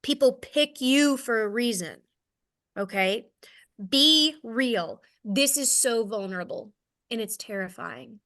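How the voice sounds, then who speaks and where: A woman in her thirties with a Southern American accent gives a casual, candid sales training talk, self-deprecating and often checking in with "okay?" Her voice is fairly high, fairly bright and expressive, and she speaks at a slow pace.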